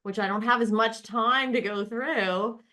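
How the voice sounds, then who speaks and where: A woman co-hosting an online class, talking fast and upbeat as she wraps things up. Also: a little high, fairly even intonation, sharp tone. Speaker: co-host closing the class. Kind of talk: live online class talk. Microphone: video call.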